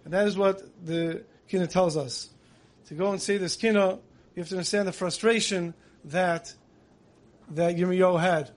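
A man giving a storytelling sermon, acting out quotes and dropping soft on emotional lines. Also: high voice. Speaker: rabbi giving a Tisha B'Av lecture.

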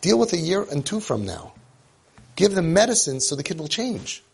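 A man's voice: fairly high pitch, sing-song, normal speed, gravelly, slightly rough. A man coaching parents in an informal lecture, emphatic and repetitive, who drops Hebrew and Yiddish terms into his talk. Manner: acts out parents and kids in quotes.

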